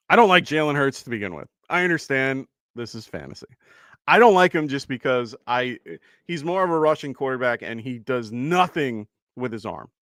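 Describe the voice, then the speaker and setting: A man hosting a live fantasy football stream, chatty and quick to laugh as he thanks viewers. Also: medium pitch, fairly bright tone, dry recording, studio quality. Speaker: fantasy football show host. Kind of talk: live-stream casual chat.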